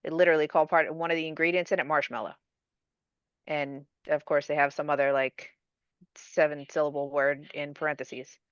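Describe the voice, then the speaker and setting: A woman's voice: low-pitched, steady tone, brisk, clean tone, dry recording. A woman on a podcast, discussing and explaining things skeptically. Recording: slightly dull lo-fi audio.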